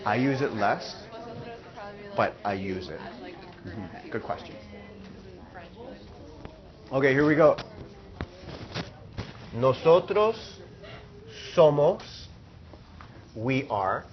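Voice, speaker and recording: A man teaching a Spanish class, explaining slowly and repeating phrases for the students. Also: mid-range voice, animated, highs cut off, crowd noise. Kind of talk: classroom lesson.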